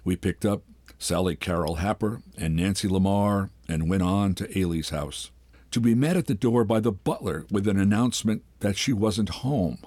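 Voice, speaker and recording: An older man, reading a short story aloud in a measured, unhurried way. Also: deep voice, darkish tone, no room sound. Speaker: host and reader. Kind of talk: literary reading.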